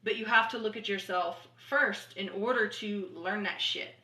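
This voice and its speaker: A woman talking casually to camera about spiritual healing, earnest and rambling, swearing freely and repeating soft affirmations. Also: medium pitch, normal speed. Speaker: spiritual channeler and vlogger. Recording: echoey room.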